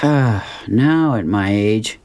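A man's voice: lowish voice, animated, drawn-out words, darkish tone, exaggerated voice. A man voicing a weary middle-aged father from a comic strip, musing wryly.

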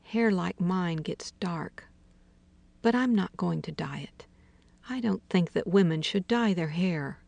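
A timid, fretful young woman from a storybook, as a woman reading the story gives her voice. She speaks hesitantly, with a slightly gravelly tone. The close, dry recording keeps every word near. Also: lowish voice, takes it slowly, darkish tone, no echo, exaggerated voice.

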